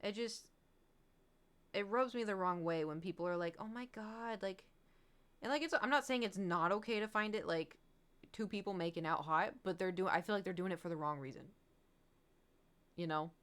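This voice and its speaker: A woman's voice: on the low side, moderate pace, long pauses, smooth. A woman livestreamer in casual, rambling chat, candid and swearing freely with frequent laughs.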